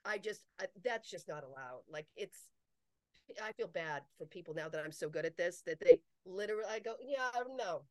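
A woman's voice: on the low side, brisk, darkish tone, no echo. A woman, a psychic medium, talking casually in an interview, stressing her points by repeating phrases and acting out the voices she quotes.

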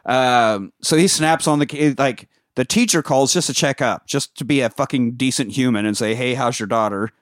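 A man talks through a film plot in a loose, swearing podcast chat. He keeps slipping into shouted impressions of the characters. His voice sounds dry and close, with no room echo. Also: mid-range voice, normal speed, few pauses. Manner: acts out characters in loud yelling bursts. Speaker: podcast host recapping a film. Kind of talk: casual profane chat.

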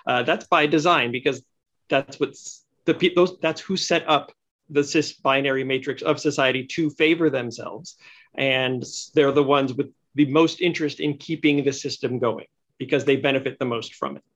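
A man's voice: mid-range voice, moderate pace, fairly bright tone. A man talking in a casual podcast discussion, explaining his ideas at length with fillers. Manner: thoughtful, long-winded explaining with fillers. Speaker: podcast guest. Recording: lo-fi muffled sound.

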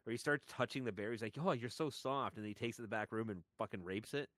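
A man's voice: on the low side, rapid-fire, a bit bright, no room sound. A man co-hosting a podcast, chatting casually and retelling crude jokes with lots of laughter. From Canada. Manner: laughing, crude joke-telling. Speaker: podcast co-host. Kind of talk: casual chat.

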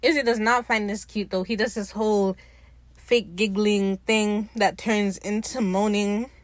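A woman's voice: mid-range voice, fairly even intonation, measured pace, no room sound. A woman hosting a podcast, giving a casual, slangy and profane recap of a TV episode. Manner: slangy, profane, retells scenes by acting out lines.

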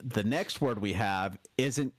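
A man's voice: fairly low pitch, breathy edge. A man co-hosting a casual podcast lesson, joking and steering through a word list. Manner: joking, drawn-out prompts, leads the word list. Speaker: podcast co-host, learner.

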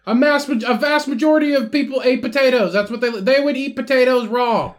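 A male podcast co-host with a notably high-pitched voice. He chats casually, talks bluntly and teases his partner, with plenty of swearing. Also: a little fast. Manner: profane, mocking, blunt. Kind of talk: casual chat.

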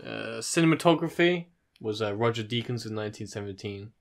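A man's voice: fairly low pitch, lively intonation, a little fast, vocal fry, a crowd in the background. A man co-hosting a casual chat, going through a list of award results in a laid-back, offhand way with casual swearing.

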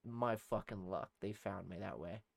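A man's voice: deep voice, normal speed, vocal fry, no echo, clean studio sound. A young man, a podcast co-host and former Army private, telling a story in a casual, profane, rambling way and laughing through it.

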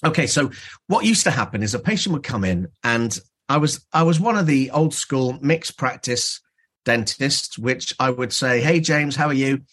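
A dentist being interviewed on a podcast, telling stories in an animated way and acting out dialogue. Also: male voice, medium pitch, normal speed.

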